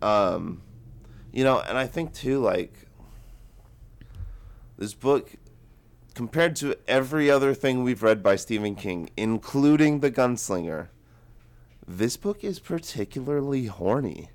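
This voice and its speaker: A man's voice: mid-range voice, expressive, measured pace, pauses often. A man in his twenties co-hosting a book podcast, rambling casually with lots of filler words. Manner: rambling, heavy use of "like". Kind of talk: casual chat.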